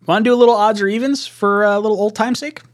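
A man co-hosting a casual sports chat stream, animated and self-mocking, breaking into laughs as he tells stories. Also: sits high, fast. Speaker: podcast co-host.

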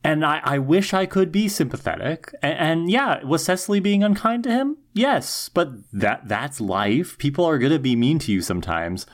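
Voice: mid-range voice, big pitch swings, normal speed, hardly any pauses. A podcast co-host giving earnest, opinionated commentary in casual chat, ranting with many restarts.

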